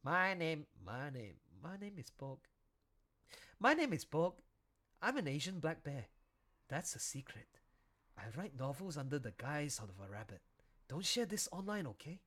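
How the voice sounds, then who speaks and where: A man's voice: on the high side, very animated, moderate pace, pauses often, a bit bright. A man doing a secretive black bear novelist. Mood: confiding.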